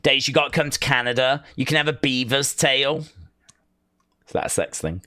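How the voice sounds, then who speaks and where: An English man chats his way through a live stream, reading viewer comments aloud and riffing on them in a loose, rambling way. His voice sits at an ordinary middle pitch. The sound is close and dry, with no room around it. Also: animated, normal speed, pushed and bright, no echo. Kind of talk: casual watch-along chat.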